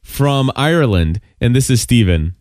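A man hosting a podcast in casual chat, animated and prone to restarts. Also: mid-range voice, a little slow, no room sound. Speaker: podcast host.

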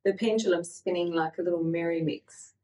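A woman's voice: lowish voice, fairly even intonation, fairly quick, warm tone, far from the mic, poor audio. A woman co-hosting a spiritual podcast, explaining things step by step for listeners. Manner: explanatory, adds points for listeners. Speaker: podcast co-host.

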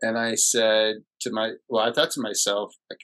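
A man co-hosting a casual podcast, speaking reflectively and haltingly with restarts, recorded in a hall. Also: fairly low pitch, level tone, a bit bright. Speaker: podcast co-host.

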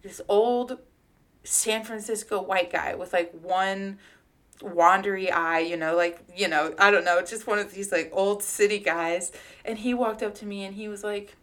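A woman's voice: medium pitch, fairly even intonation, a little slow, a bit bright. A woman co-hosting a podcast, telling a personal story in a casual, heartfelt way with many fillers and some swearing. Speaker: podcast co-host.

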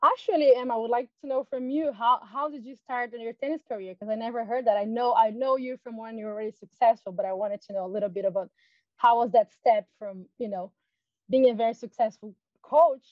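A woman's voice: fairly high pitch, fairly quick, dry recording, lo-fi sound. A woman tennis coach as a podcast guest, talking in an earnest, plain way. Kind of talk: casual interview chat.

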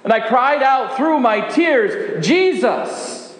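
A male pastor playing Mary, a grieving and fearful woman disciple, telling her story in a halting, tearful first-person sermon monologue. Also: high-pitched, lively intonation. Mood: sorrowful. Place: church sanctuary. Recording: echoey church hall, long reverb.

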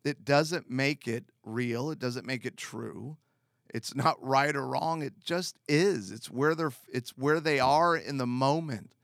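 A man speaking as a marriage counselor, giving calm, earnest and direct advice with repeated emphatic phrases. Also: mid-range voice, takes it slowly, dry recording, studio quality. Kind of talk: advice talk to camera.

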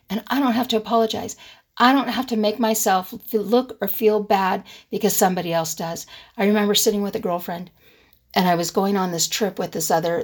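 An older woman talking earnestly and emphatically about not apologizing, telling personal stories as a vlogger. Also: lowish voice. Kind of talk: personal advice talk.

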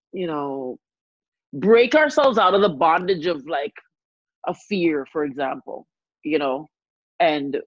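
Heartfelt, expressive middle-aged woman. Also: fairly low pitch, breathy edge, no echo, dull audio. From Canada. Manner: heartfelt, expressive, swings between soft and loud. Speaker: podcast guest, singer. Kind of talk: emotional podcast conversation.

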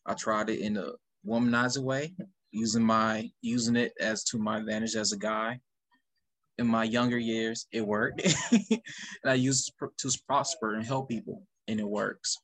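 A man's voice: on the low side, fairly even intonation, moderate pace, fairly bright tone, poor audio. A man hosting a podcast, asking questions in a casual, enthused way with chuckling asides. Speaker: podcast host. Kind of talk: casual interview talk.

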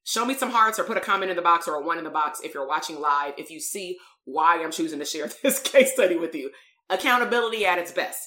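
A woman's voice: on the low side, lively intonation, quick pace, sharp tone. A woman coaching therapists in a live-streamed talk, telling stories in a blunt, streetwise way full of slang.

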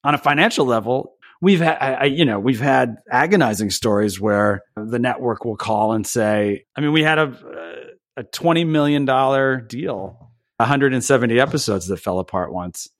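A man's voice: mid-range voice, moderate pace, no echo, studio quality. Earnest, heartfelt man on a podcast. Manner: earnest, emotional, with frequent restarts. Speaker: TV show creator, guest. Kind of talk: conversational podcast interview.

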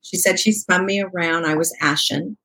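A woman in her sixties, an interview guest telling a personal story in an expressive, conversational way, acting out dialogue and laughing often. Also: lowish voice, normal speed. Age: 60s.

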